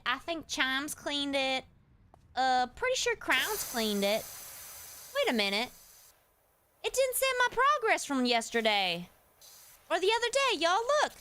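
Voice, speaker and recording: A woman's voice: high-pitched, pushed and bright, full character voice. A woman doing folksy Southern-drawl streamer Yan. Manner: folksy, addresses chat as y'all. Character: folksy Southern streamer character, easygoing and chatty. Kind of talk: live stream chat while playing.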